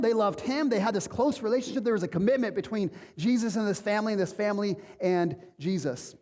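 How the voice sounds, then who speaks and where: A man's voice: high-pitched, darkish tone, in a large hall. A man preaching a sermon as pastor, conversational and emphatic, asking rhetorical questions of his congregation. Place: church sanctuary.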